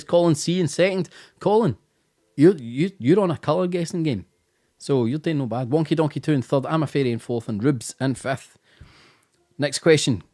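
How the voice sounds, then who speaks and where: A man's voice: medium pitch, a little mellow. A Scottish man hosting a casual live-stream quiz, chatty and teasing, tired after a busy day, over faint music. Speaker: quiz host.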